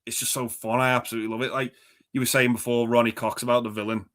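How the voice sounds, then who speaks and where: A man's voice: medium pitch, little pitch movement, quick pace, a bit bright. A man co-hosting a casual movie podcast, talking enthusiastically and rambling, with frequent swearing. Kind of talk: casual film chat.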